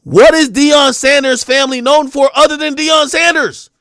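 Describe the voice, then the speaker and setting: A young man hosting a livestream, ranting bluntly and swearing, dropping to mumbles and then rising to shouts. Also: very high voice, level tone, moderate pace, vocal fry, no room sound, clean studio sound. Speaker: livestream host. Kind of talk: casual livestream rant.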